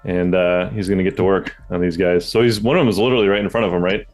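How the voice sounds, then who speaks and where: A man with a lowish voice playing a tabletop game, tossing out quick jokes as he describes his character's attack. Faint music sits behind the chatter. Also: fairly even intonation, darkish tone. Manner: joking, quick banter. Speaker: player. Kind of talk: casual tabletop play.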